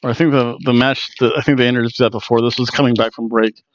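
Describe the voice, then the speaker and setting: A man's voice: medium pitch, flat delivery, quick pace, no echo, muffled recording. A man hosting a wrestling review podcast, chatting casually in a rambling, self-deprecating way. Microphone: headphones on, desk mic.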